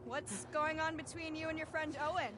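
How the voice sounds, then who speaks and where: An actress plays a brassy young teenage boy sidekick in a video game. His voice sits high, and he asks blunt, nosy questions. Ambient noise runs under him. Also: normal speed, lightly acted. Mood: teasing.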